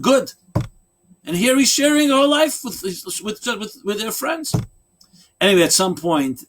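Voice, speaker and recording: A man giving a lecture, telling a story in an animated, expressive way. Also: a little hiss or hum. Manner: animated, expressive storytelling with big pitch swings. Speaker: speaker.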